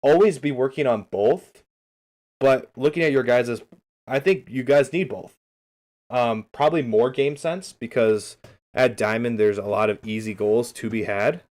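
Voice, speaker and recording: A man on a livestream breaks down game replays in a loose, rambling way, talking straight to his chat. His voice sits at an ordinary middle pitch, and he keeps his tone upbeat and easygoing. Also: unhurried, darkish tone. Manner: upbeat, keeps saying beautiful. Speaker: streamer coaching game replays.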